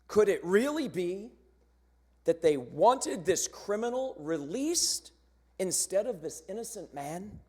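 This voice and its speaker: A man narrating a church cantata in a measured, solemn storytelling manner, posing rhetorical questions as he goes. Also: high-pitched, very animated, darkish tone, slightly rough. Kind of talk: scripted dramatic narration. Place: church sanctuary during a choir performance.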